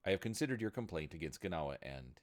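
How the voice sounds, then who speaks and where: A stern middle-aged warlord who speaks in measured, authoritative tones, as a man narrator plays him. The voice is low with lively pitch movement. It belongs to a read-aloud fantasy story.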